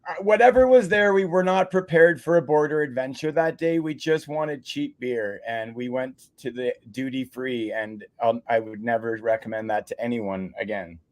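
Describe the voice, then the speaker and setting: A man's voice: medium pitch, normal speed, a little mellow. A man from Canada hosting a casual after-show chat, telling laid-back stories and laughing often. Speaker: show host. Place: home.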